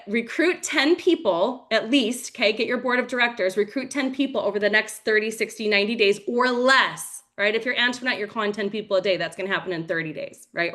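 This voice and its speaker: A woman giving a motivational talk on a team call, energetic and storytelling, acting out quotes. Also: on the high side. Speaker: team leader.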